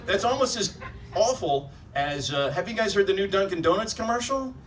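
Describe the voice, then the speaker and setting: A man doing stand-up in a live club, his sardonic, profane rant heard from some way off the mic. His voice sits a little high for a man, and room noise stays clearly audible under his jokes. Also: expressive, normal speed, fairly bright tone, recorded from a distance. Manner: sardonic, profane ranting with rhetorical questions to the crowd. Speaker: stand-up comedian. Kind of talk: stand-up comedy set. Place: live comedy club stage.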